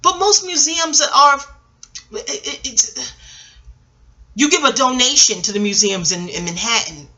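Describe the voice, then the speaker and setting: Bright-voiced woman rambling casually. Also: sits high, a little slow, long pauses. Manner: scattered, tangent-jumping, profane. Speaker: vlogger.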